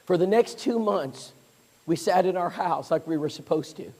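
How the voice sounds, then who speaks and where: A man's voice: high-pitched, normal speed. A man preaching a sermon, telling stories and acting out the voices of people he quotes. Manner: animated storyteller, acts out quoted voices. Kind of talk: storytelling sermon. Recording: long hall reverb.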